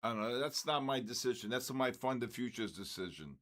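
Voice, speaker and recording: A man's voice: medium pitch, lively intonation, a little fast. An older man hosting a live trading stream, calling out viewers' names with joking exasperation. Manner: exasperated, joking, calls names in a loud sing-song. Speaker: trading session host.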